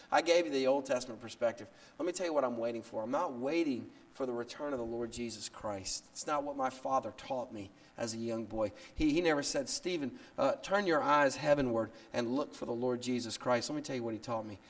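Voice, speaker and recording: Guy preaching a sermon, kinda high voice, earnest, repeats himself, slows way down on the big lines. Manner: earnest, repeats words, slows down on key phrases. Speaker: pastor.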